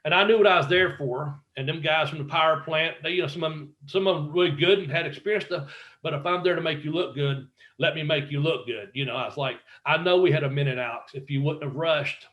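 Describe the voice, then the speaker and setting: A former wrestler telling stories in a casual interview, swearing freely and acting out what other people said. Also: male voice, a little high, fast talker, muffled recording. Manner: profane, animated storyteller acting out quotes. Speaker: guest, former pro wrestler.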